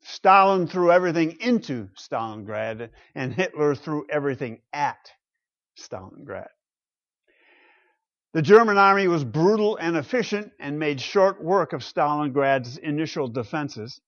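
A male pastor delivers a sermon at an unhurried, measured pace, pausing for dramatic weight. His voice sits a little high for a man. The recording is dry and slightly muffled. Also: lively intonation, fairly bright tone, no room sound. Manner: slow, deliberate preaching with dramatic pauses.

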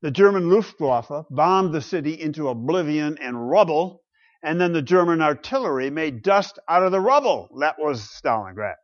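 A man preaching a sermon slowly and deliberately, reading scripture and telling history with dramatic pauses. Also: a little high, animated, dry recording, muffled recording. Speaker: pastor.

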